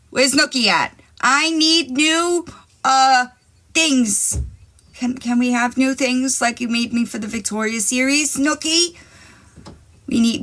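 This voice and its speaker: A woman with a fairly high, slightly bright voice runs a casual live stream from a phone mic. She talks straight to her chat, rambling, profane, and brash as she taunts rivals.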